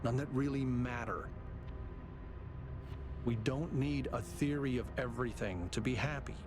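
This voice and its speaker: An actor voicing a gentle, earnest male robot friend in a video game, speaking softly and sincerely. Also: mid-range voice, unhurried, lightly acted. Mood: pleading. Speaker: game character. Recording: game music behind.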